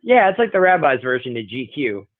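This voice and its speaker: A man co-hosting a wrestling podcast, chatting casually with deadpan, self-important jokes, heard through a tinny phone-like sound. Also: mid-range voice, a little fast. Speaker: podcast co-host. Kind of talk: casual chat.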